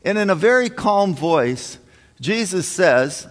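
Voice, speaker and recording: Male preacher, unhurried and folksy, stumbling over restarts, voice ringing in a big church. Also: sits high, animated. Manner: folksy, halting, with many restarts and fillers. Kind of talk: sermon with scripture reading. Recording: long hall reverb.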